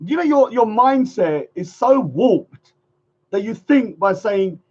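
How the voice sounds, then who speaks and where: A livestream host with a high, expressive male voice, a darkish tone and a breathy edge rants at normal speed in a casual stream. He mocks and sneers sarcastically, repeating phrases in a sing-song. The stream audio is dull and lo-fi.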